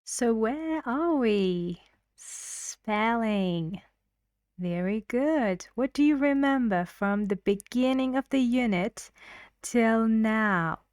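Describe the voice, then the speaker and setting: Woman pronunciation teacher: unhurried, encouraging, repeats words to model intonation; dry, close recording. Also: a little high, animated, a little mellow, dry recording. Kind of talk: online pronunciation lesson.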